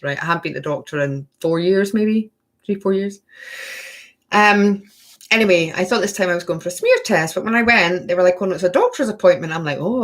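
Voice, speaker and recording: A woman's voice: on the low side, a bit bright. A woman in her thirties hosting a spiritual workshop live stream, chatting with viewers and tagging sentences with okay and right. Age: 30s. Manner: laughs often between sentences. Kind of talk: live stream chat answering viewer questions.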